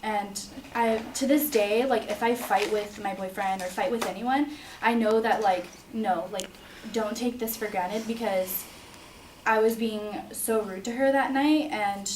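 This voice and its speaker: A young woman telling a personal story to an audience in a halting, earnest way, full of fillers and restarts. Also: mid-range voice, steady tone, background noise. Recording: roomy, distant mic with faint ambience.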